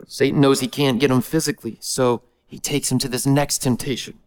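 A man preaching a sermon in an energetic, casual way, with slang. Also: mid-range voice, a little fast, hardly any pauses. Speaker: pastor.

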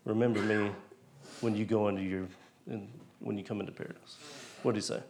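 A man's voice: lowish voice, flat delivery, brisk, a little mellow, a little hiss or hum. A man giving a casual testimony at a church service, chatty and chuckling, often asking the crowd questions. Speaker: lay speaker giving a testimony. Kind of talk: informal church talk.

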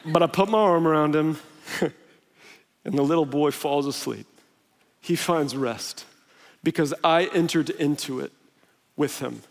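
A man's voice: on the high side, unhurried, pauses often. A man preaching a sermon, telling stories in a conversational way and acting out the quotes. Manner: conversational storytelling with laughs and acted-out quotes. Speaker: pastor. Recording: long hall reverb.

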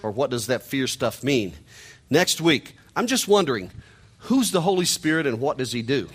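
A man's voice: mid-range voice, big pitch swings, moderate pace, a bit bright, husky. A middle-aged man with a nasal Missouri twang preaching a sermon in a conversational, joking way. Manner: conversational, joking asides to the congregation. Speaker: pastor.

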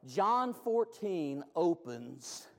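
A man's voice: fairly high pitch, big pitch swings, drawn-out words, creaky. Man preaching in a reverberant hall. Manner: dynamic preaching, swings from loud climaxes to hushed lines. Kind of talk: sermon. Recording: long reverb of a large hall.

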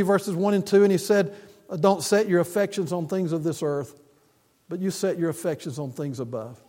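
A man preaching a sermon, earnest and repetitive in his emphasis, with touches of gentle humor. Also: sits high. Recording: long reverb of a church hall.

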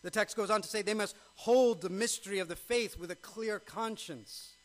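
A man's voice: sits high, normal speed, low-quality recording. A male pastor preaching a sermon, emphatic, with frequent rhetorical questions.

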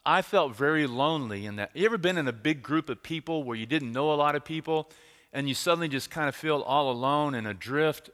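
Man preaching a dramatic sermon in a hall. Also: fairly high pitch. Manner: dramatic storytelling, swings from loud to hushed. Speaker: pastor. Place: church sanctuary. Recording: reverberant church hall.

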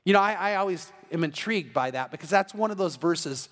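A man's voice: sits high, animated, fairly quick, a bit bright. A male pastor preaching an evening sermon, telling candid stories from his own marriage and acting out what he was thinking at the time. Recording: long reverb of a church hall.

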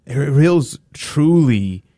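A man's voice: fairly high pitch, animated, slow, warm tone, dry recording, clean studio sound. A man hosting a talk radio show, arguing emphatically and acting out mocking quotes.

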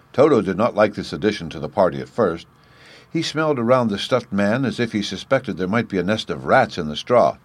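A man narrating a classic children's book in an expressive storytelling manner. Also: fairly low pitch.

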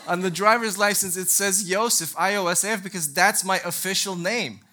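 A male preacher with a strikingly bright, clear-edged voice delivers a sermon. He teaches in an earnest, emphatic way and slips easily into lively storytelling. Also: high-pitched, moderate pace, hardly any pauses, slight background noise.

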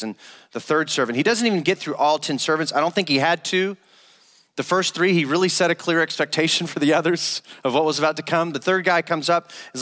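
A man, an associate pastor, preaching a sermon and retelling a parable in a relaxed, conversational way. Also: a little high, fast. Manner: conversational storytelling, retells a parable in casual everyday phrasing. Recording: long reverb of a large hall.

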